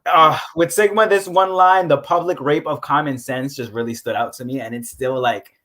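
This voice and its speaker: A man's voice: on the high side, steady tone, normal speed, sharp tone. A man with a New York accent co-hosting a virtual poetry open mic, talking in an effusive, hyped way with casual swearing. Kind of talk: casual live-stream hosting.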